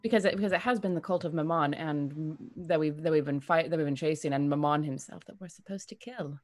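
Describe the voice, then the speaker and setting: A woman's voice: sits low, quick pace, darkish tone. A woman playing in a tabletop game, thinking aloud with stammered restarts. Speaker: player. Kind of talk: tabletop role-play chat.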